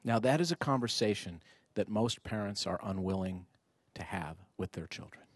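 The speaker, a middle-aged man addressing parents, sounds husky and on the low side, moving at a moderate pace with no echo. In this lively indoor talk with audience back-and-forth, he is rhetorical and animated, dramatizing snatches of dialogue.

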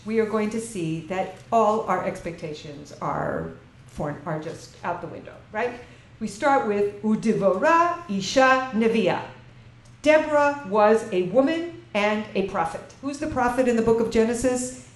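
A woman lecturer with a mid-range voice teaches a Bible class to an audience in a lecture room, sounding very animated and speaking a little slowly. She asks her listeners questions and reads verses in Hebrew before translating them. The room is echoey, with faint ambient noise.

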